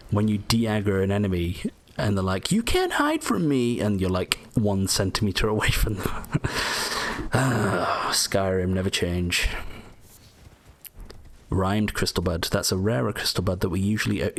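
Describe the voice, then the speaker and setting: A man with a somewhat low voice talks casually over his gameplay, explaining tricks and tips in a chatty way. He often mutters short asides to himself between the explanations. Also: steady tone, normal speed. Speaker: gameplay walkthrough host. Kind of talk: casual game commentary.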